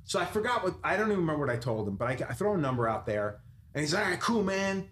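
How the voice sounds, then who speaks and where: A tattoo artist tells a profane story on a podcast, swearing constantly and acting out quotes. He talks very fast in a voice on the high side with big pitch swings, and the recording has a roomy echo and faint noise.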